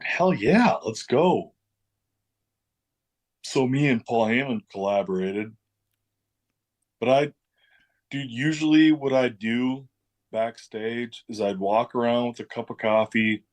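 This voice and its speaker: A man's voice: lowish voice, low-quality recording. A middle-aged man, a former pro wrestler, telling stories in a casual interview, swearing freely and acting out what people said. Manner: loose, swearing, acts out quoted dialogue.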